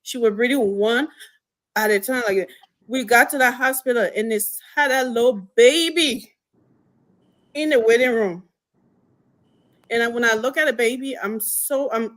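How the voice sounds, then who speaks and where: A woman's voice: a little high, a bit bright. A young woman from Liberia calling into a live political talk show on her phone. She speaks in an impassioned, emphatic way, with many restarts. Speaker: caller. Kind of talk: passionate political call-in talk.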